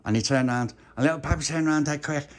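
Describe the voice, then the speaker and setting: A man's voice: on the high side, rapid-fire. A man telling an improvised children's story in a playful way, with many restarts.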